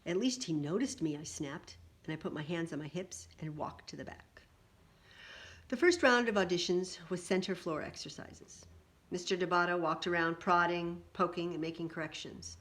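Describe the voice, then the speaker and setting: Woman, storybook read-aloud, lively first-person narration, low-pitched voice, little asides. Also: moderate pace. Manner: animated, with little asides to listeners. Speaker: storyteller reading a book aloud. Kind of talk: expressive picture-book reading.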